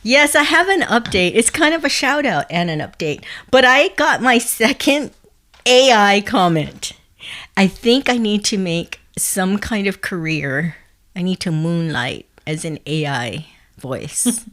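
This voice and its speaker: Woman, podcast co-host, casual chat, animated storyteller, very expressive pitch. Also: a little slow. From United States. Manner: animated storyteller, chuckles as she talks.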